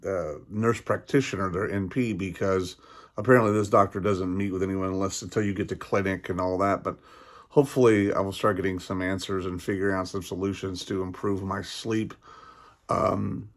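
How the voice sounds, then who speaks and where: A tired man recording a casual personal video message, talking in a rambling, halting way with many fillers and restarts. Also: sits low, steady tone. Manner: sincere, grateful. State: tired, yawning. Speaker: vlogger.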